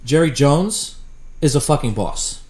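Male sports-podcast co-host, mid-pitched, casual and profane, winds himself up into rants; roomy echo on the voice. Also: measured pace, a little hiss or hum. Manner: animated, profane ranting.

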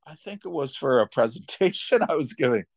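A man's voice: medium pitch, expressive, a little fast, no echo. An older man, casually telling rambling personal travel stories as a podcast host, full of restarts and asides. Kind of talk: casual storytelling.

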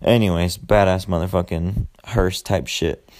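A man's voice: low voice, fairly even intonation, unhurried, a little mellow. A man hosting a podcast, loosely recapping a movie in a rambling, profane way, swearing constantly and drifting into asides. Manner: loose storytelling with many fillers and asides. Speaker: podcast host.

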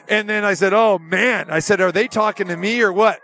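High-voiced man telling a rambling story. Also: fairly even intonation, normal speed, sharp tone, soft background music. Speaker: host. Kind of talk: casual sports talk radio.

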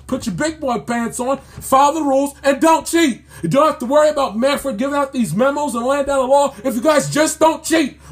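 A man ranting in sports commentary, exasperated and scolding, repeating himself as he builds his point. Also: very high-pitched.

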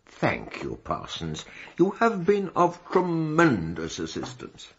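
A dry, clipped police inspector. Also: male voice, on the high side, wildly swooping pitch, slow, a bit bright, full character voice. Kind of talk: vintage radio drama acting. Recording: dull old radio recording with faint hiss.

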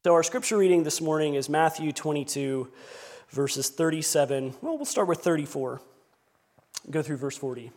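A man's voice: on the high side, expressive, normal speed, a little mellow, big-room sound. A man preaching a sermon as pastor, conversational with self-deprecating asides.

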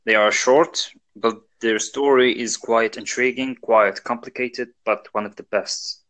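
A man's voice: mid-range voice, steady tone, a little slow, a bit bright, rough recording. A man from Algeria, speaking English as a second language, in a casual chat, hesitant with many fillers. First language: not English. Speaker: conversation partner.

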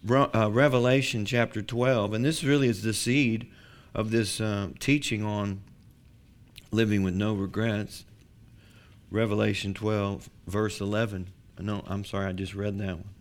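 A man's voice: on the low side, little pitch movement, unhurried. A man preaching a sermon as pastor, building to emphatic declarations.

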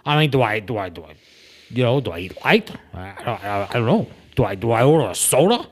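A man's voice: medium pitch, big pitch swings, fast talker. A man hosting a comedy podcast as a bumbling wrestler, rambling and stammering over his words. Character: boastful bumbling male wrestler host. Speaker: podcast host. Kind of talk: comedic in-character podcast chat.

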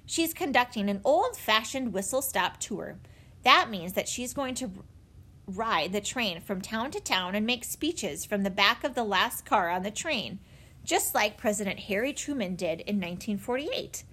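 A woman's voice: mid-range voice, lively intonation, normal speed, pushed and bright, breathy edge. A woman voicing a nervous, pushy middle-aged man who hesitates and talks eagerly in a storybook reading.

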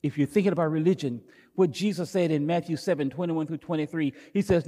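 A male pastor preaching a sermon with emphatic, repetitive phrasing that builds toward near shouting. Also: a little high, fast, in a large hall.

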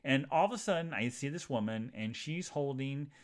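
A man hosting a podcast, telling a long rambling story in a chatty, animated way with many asides to his listeners. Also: moderate pace. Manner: rambling and animated, jumps to high voices for quoted people. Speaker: podcast host. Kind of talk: casual monologue storytelling.

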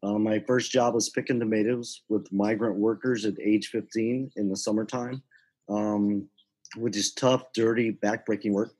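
A middle-aged man from the American South, now without a Southern accent, telling stories from his career in a relaxed conversation. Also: fairly low pitch, moderate pace, slightly rough, poor audio. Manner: storytelling, animated when quoting others. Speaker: sports executive. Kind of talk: conversational podcast interview.

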